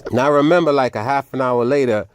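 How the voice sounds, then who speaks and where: A man telling a personal story in a casual, animated and profane way, often calling his listeners "family". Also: medium pitch, quick pace, clear, resonant tone. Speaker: vlogger.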